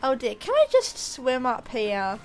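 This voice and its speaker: A woman's voice: high voice, huge pitch swings, unhurried, a little mellow, faint music behind. A woman streaming a video game, giving rambling, giggly, self-mocking commentary. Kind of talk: casual gameplay commentary.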